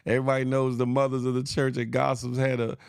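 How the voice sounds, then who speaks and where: A man hosting a casual morning commentary show, joking and laughing while he riffs on the news and shouts out viewers by name. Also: mid-range voice, completely flat delivery, quick pace, gravelly, clear, resonant tone, dry recording, clean studio sound. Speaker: host.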